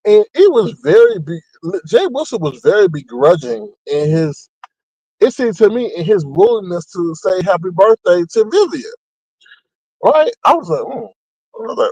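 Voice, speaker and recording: A man hosting a casual gossip commentary, talking in a mocking, animated way and acting out what people said. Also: normal speed, no room sound, poor audio. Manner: animated, mocking, acts out quotes with big pitch jumps. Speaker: commentary channel host.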